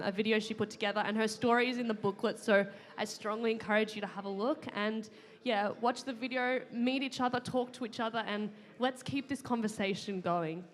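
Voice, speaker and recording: A young woman giving heartfelt closing remarks as a panel moderator, with many fillers and restarts. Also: mid-range voice. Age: young adult. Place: conference pavilion at a climate summit.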